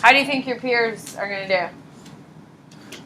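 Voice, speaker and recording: A young woman teaching high school psychology in a classroom, chatty and animated, often saying "like" and "uh". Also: quick pace, slight background noise, rough recording. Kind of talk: casual classroom lecture.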